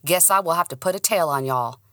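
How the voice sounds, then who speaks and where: Woman doing a gruff cop guy, curt and threatening, a bit lower, bright clear tone, dry close mic. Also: a little fast, dry recording. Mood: stern. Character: stern, bullying male police detective.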